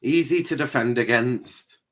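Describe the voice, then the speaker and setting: A man's voice: mid-range voice, unhurried, fairly bright tone. A man hosting a live football watchalong stream, reacting with exasperation and frequent swearing as he chats to viewers.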